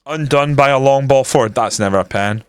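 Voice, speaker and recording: A man's voice: medium pitch, fairly quick, smooth, no echo, studio quality. A young man streaming a football management game, grumbling and swearing casually as he comments on his matches. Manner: frustrated, grumbling, swears often.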